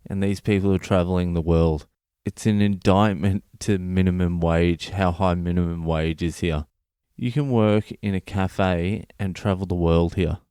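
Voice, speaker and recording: A man's voice: sits low, fairly even intonation, a little slow, warm tone, clear, resonant tone, no echo, clean studio sound. An Australian man in his thirties, a comedian hosting his own podcast, delivering a profane, ranting comedic monologue.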